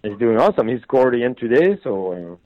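A man's voice: mid-range voice, very animated, a little fast, no echo, phone-quality sound. A man chatting casually about football, hesitant, with many fillers and restarts. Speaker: football pundit. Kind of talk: casual sports chat.

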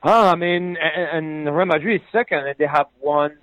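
In a slightly high voice at a moderate pace, a football pundit chats loosely about the game, stumbling through fillers and restarting his sentences. There's no room sound, and the high frequencies are cut off.

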